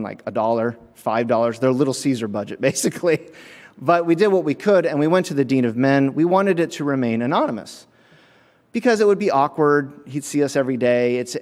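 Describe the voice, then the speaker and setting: A man's voice: mid-range voice, a little mellow. A man preaching a sermon, telling a story and acting out the voices of people in it. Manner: storytelling, acts out voices in quotes. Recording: long hall reverb.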